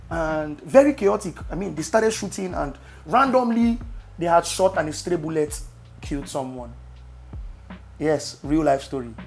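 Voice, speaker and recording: A young Nigerian man with a Nigerian accent, casually telling travel stories to camera with loud exclamations. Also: a little high, vocal fry. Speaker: vlogger.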